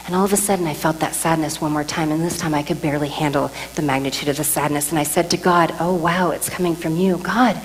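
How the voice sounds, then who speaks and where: A woman speaks to a live audience about a deeply personal experience, turning to them with questions and sometimes sinking to a hushed whisper. Her voice carries with a long hall reverb, and a faint mains hum runs underneath. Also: a little fast. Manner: animated, addresses the audience with questions, drops to whispers. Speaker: speaker telling a near-death story to an audience. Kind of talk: emotional testimony talk.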